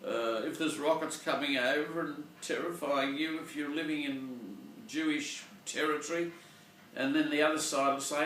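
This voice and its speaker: A man's voice: on the high side, normal speed, sharp tone, slight background noise. An older man, a Catholic priest giving a rambling, digressive Sunday reflection and often searching for words. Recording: echoey room, voice from far off.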